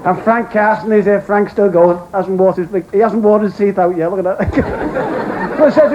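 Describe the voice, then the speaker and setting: A man's voice: high voice, normal speed. A man doing a stand-up routine on a club stage, telling jokes in a chatty way with asides to the audience. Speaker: stand-up comedian. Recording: dull old videotape with loud crowd and hiss.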